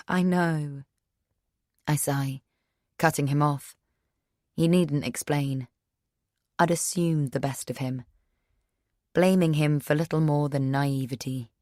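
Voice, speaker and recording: A woman narrating an audiobook in the first person, measured, subdued and sorrowful. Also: sits low, steady tone, darkish tone, dry recording, studio quality.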